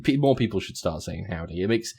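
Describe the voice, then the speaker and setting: A man co-hosting a casual podcast chat, laid-back and jokey with casual swearing. His voice sits low but swings a lot in pitch. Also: expressive, fast talker, creaky, a little mellow, breathy edge. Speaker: podcast co-host.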